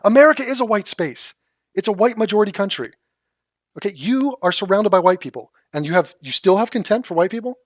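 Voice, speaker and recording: Sarcastic, profane streamer with a dry close sound. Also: male voice, high-pitched, expressive, brisk, dry recording. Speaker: streamer reacting to a video. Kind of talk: live reaction commentary.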